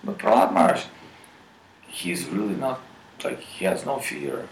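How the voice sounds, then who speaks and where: A man retells a scripture story in a devotional talk, animated and peppered with fillers. His voice is gravelly and mid-pitched. The sound is roomy, with faint noise behind it. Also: unhurried, recorded from a distance. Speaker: spiritual speaker.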